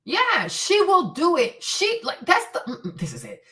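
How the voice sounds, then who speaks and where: Woman streamer, blunt profane rant, high voice, a bit far from the mic. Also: moderate pace. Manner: blunt, profane, animated ranting. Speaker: host. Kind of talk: livestream commentary.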